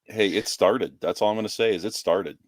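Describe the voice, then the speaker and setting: A man's voice: lowish voice, fairly quick, crowd noise. A man co-hosting a podcast, teasing the others and laughing often in casual chat. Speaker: podcast co-host.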